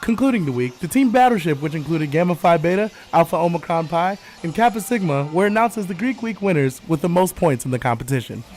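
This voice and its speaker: A man's voice: fairly high pitch, expressive, fast, hardly any pauses, a little mellow, soft background music. A man anchoring a student news segment, reading a script.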